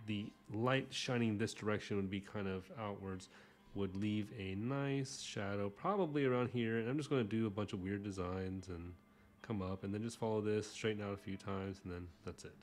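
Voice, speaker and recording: A man hosting a drawing livestream, talking casually while he sketches, rambling and joking at his own expense, often trailing off into soft mumbles. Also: fairly low pitch. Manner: rambling, jokey and self-mocking.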